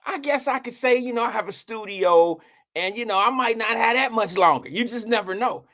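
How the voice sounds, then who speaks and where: A middle-aged man with a notably high voice for a man hosts a live stream. He rambles in a loose, candid way and calls out viewers by name as he talks. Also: a little fast, fairly bright tone. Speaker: live show host. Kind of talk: casual live-stream chat. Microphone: live-stream microphone.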